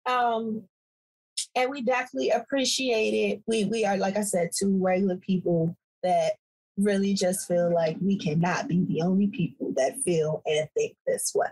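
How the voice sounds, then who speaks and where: A woman's voice: medium pitch, steady tone, moderate pace, darkish tone, low-quality recording. A woman from the Washington DC area co-hosting a podcast in casual chat, playful and laughing often. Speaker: podcast co-host.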